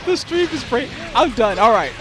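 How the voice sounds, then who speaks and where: Commentating matches on a live fighting-game tournament stream, a man with a very high voice banters with chat using slang and laughs a lot. Game music plays in a noisy background.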